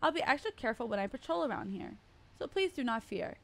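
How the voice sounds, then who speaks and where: A polite young police officer with a creepy, reassuring calm and an overly familiar way of speaking, read out by a woman. The voice sits high and bright with a gravelly edge. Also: fast, full character voice.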